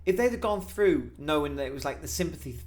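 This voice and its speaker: A young man from Wales, co-hosting a casual podcast chat and telling animated stories. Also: a little high, fast talker. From North Wales. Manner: animated storyteller, says "mate" and "man" often. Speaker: podcast co-host.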